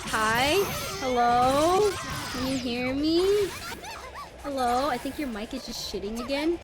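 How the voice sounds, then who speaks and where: A woman's voice: high voice, moderate pace. A young woman streaming a game live, chatting loosely and teasing her viewers, swearing freely. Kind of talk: casual live-stream chat. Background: game music.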